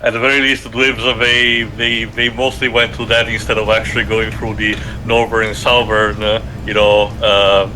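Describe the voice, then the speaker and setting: A man's voice: lowish voice, flat delivery, moderate pace, hardly any pauses, noisy background. A man co-hosting a casual gaming chat, rambling with lots of fillers and restarts. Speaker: podcast co-host.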